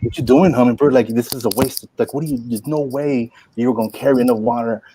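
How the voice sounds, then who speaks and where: A man's voice: mid-range voice, fast, noisy background, lightly acted. A man voicing a big, powerful male bear who mocks a hummingbird, in a told story. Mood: mocking. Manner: teasing, scoffing. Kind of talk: storytelling in a talk.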